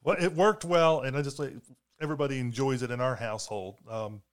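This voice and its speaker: Brief: male podcast interviewer, eager fan, mid-pitched, casual. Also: brisk, smooth. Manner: friendly fan enthusiasm, repeats words when starting.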